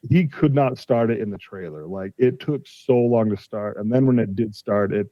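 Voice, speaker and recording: A man's voice: fairly low pitch, normal speed, no echo. A man in his forties, a podcast guest telling a story casually and acting out what others said to him. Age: 40s. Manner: retells a dispute, acting out quoted exchanges. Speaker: podcast guest, car collector. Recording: slightly dull, dry sound.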